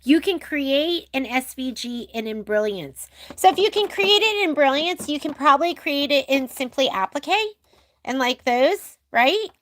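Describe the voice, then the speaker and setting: Lively and high-pitched, a sewing shop host talks at normal speed in a slightly bright voice during a casual live demonstration. Filming on a handheld phone, she chats with viewers, answers questions, and laughs frequently.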